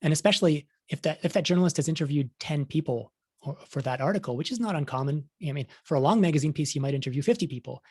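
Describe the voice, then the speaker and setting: A man's voice: on the high side, expressive, fast talker, a little mellow, breathy edge, no echo, studio quality. A middle-aged man, a science journalist, giving a conversational talk with many restarts, acting out quotes along the way. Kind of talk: conference talk.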